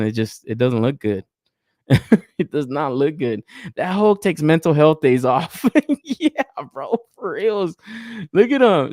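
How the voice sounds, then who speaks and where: A young man chatting casually as a podcast host, animated and laughing, swearing freely as he reacts to new toy reveals. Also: medium pitch, no echo, studio quality.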